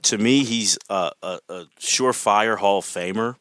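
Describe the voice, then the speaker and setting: A man's voice: on the low side, moderate pace, a bit bright, no echo. A man talking as a podcast guest in casual chat, enthusiastic and rambling, with lots of fillers.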